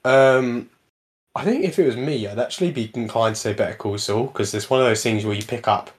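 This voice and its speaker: A man's voice: mid-range voice, a little fast. A young man hosting a casual chat, rambling and correcting himself as he talks. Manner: rambling, self-correcting, chatty. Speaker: podcast host.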